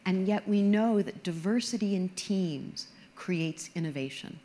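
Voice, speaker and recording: A woman's voice: mid-range voice, a little slow, warm tone. A middle-aged woman giving a conference talk, explaining earnestly and with emphasis. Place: stage before an audience.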